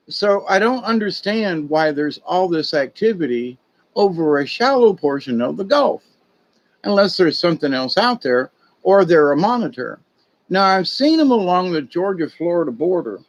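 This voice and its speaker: Folksy rambling man, slightly high voice. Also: dull audio. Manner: folksy, digressive, conspiratorial storytelling. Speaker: spiritual talk host. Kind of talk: rambling casual monologue.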